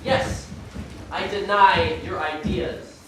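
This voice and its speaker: A man's voice: sits high, fairly even intonation, slow pace, background noise. A teenage boy on a school stage playing a stubborn, scheming pig who argues bluntly. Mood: dismissive. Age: teens. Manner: blunt, dismissive arguing. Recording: echoey hall, mic far off.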